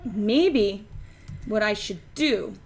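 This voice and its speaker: A woman's voice: mid-range voice, expressive, very slow, darkish tone, slight background noise. A woman giving chatty video game commentary and coaxing her in-game pet as she plays. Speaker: let's play host.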